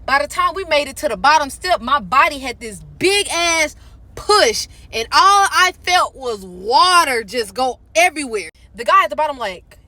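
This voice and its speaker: A woman's voice: sits high, expressive, a little fast, pushed and bright, no echo. A woman in casual storytime narration, acting out the voices in her story.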